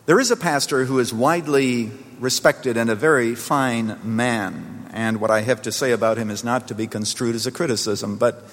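A man preaching a sermon as a pastor, telling a story in an earnest way and slowing down for emphasis. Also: mid-range voice, big-room sound. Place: church.

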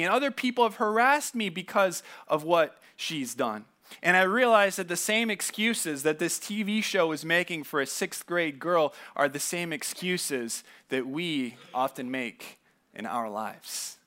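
A pastor giving a conversational sermon, telling stories casually with asides and repeated words. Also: male voice, fairly high pitch, pushed and bright.

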